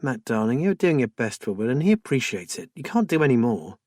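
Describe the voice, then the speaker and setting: A man voicing a calm, caring middle-aged woman in an audiobook, gentle and practical in tone. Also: medium pitch, a little fast, dry recording, studio quality. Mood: concerned.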